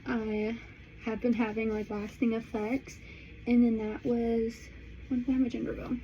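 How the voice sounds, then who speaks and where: Young woman vlogging a storytime, says like constantly, kinda high voice, a bit muffled and faint hiss. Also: little pitch movement, moderate pace, warm tone. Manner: chatty, fills every phrase with "like". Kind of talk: casual storytime chat.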